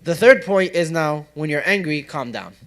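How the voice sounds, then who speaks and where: Young guy teaching a study circle, slightly high voice, chatty, asks the room questions, cracks jokes. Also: animated, moderate pace, a bit bright. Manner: conversational, asks the audience questions, jokes and laughs. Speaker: religious teacher. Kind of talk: interactive study circle talk. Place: community center classroom.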